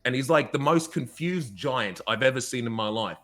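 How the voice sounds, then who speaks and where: A man recounts a story in loose, casual chat, swearing freely and breaking into laughs. His voice is bright and forceful. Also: mid-range voice, moderate pace. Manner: animated, swears a lot, laughs often.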